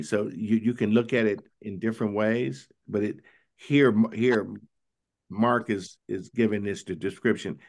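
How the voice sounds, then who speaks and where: A bishop preaching a Bible study sermon in a conversational, questioning way, often asking "right?" and reading scripture slowly. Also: male voice, fairly low pitch, creaky. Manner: conversational, questioning, tag "right?" after points; reads scripture slowly and drawn out.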